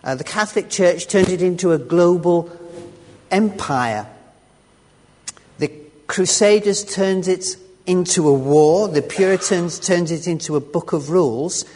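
A man's voice: high-pitched, a little slow, darkish tone, slight background noise. Man preaching in a reverberant hall. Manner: conversational, with asides and restarts. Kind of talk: sermon. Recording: long reverb of a large hall.

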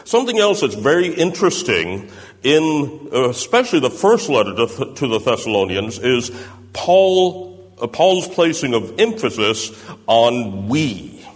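A man's voice: medium pitch, big pitch swings, unhurried. A man preaching a sermon, explaining step by step and checking in with tag questions like "doesn't it?". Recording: reverberant hall.

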